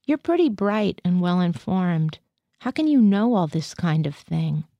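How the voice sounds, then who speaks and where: Dry, probing male military psychiatrist, read by a woman, low mellow tone. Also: sing-song, a little slow, no echo, lo-fi sound, full character voice. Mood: questioning.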